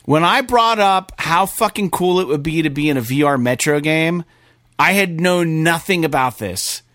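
A man co-hosting a gaming podcast, talking casually and excitedly, swearing often and rambling. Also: fairly high pitch, normal speed, dry recording, clean studio sound. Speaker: podcast co-host.

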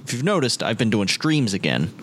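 A man's voice: mid-range voice, very animated, fairly quick, a little hiss or hum. Male podcast co-host, mid-range voice, playful and goofy. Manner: playful, jokey banter. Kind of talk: casual gaming podcast chat.

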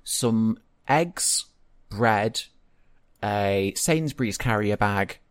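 A man, narrating and running a tabletop role-playing game, pausing often with fillers and restarts. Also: on the low side, expressive, smooth, dry recording. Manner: hesitant, with many fillers and restarts. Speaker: game master.

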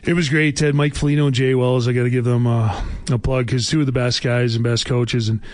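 In a relaxed talk show conversation, a man in his forties who used to play hockey spins meandering anecdotes crowded with fillers. He speaks briskly in a mid-range, slightly mellow voice with little pitch movement, and the recording is dry.

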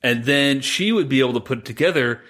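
A man co-hosting a podcast, retelling a movie plot in a rambling, animated way, quoting the characters as he goes. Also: mid-range voice, fast talker. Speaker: podcast co-host. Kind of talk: casual chat recapping a movie.

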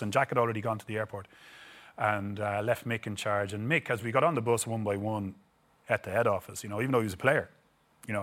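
In a casual storytelling interview, a middle-aged Irish ex-footballer with a lowish, somewhat bright voice rambles through his tales, repeating words as he acts out quotes.

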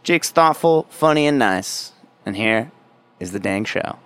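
A man's voice: on the low side, lively intonation, a little slow, a bit bright, smooth. A man hosting a casual podcast, rambling and self-deprecating, swearing offhandedly. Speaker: podcast host.

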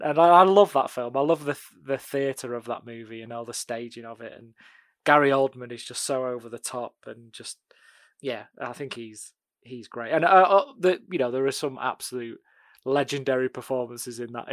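A man's voice: mid-range voice, moderate pace, no echo. A man co-hosting a podcast, chatting casually about films with laughter and restarts. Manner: animated, laughing, trailing restarts. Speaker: podcast co-host. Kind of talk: casual film chat.

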